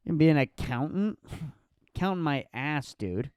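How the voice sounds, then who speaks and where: A man in his twenties doing a solo comedic podcast rant, profane and mocking, sometimes jumping into a shrill voice to mimic others. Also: a little slow, clear, resonant tone, no room sound, studio quality. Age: 20s. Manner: profane, animated, mocking falsetto impressions.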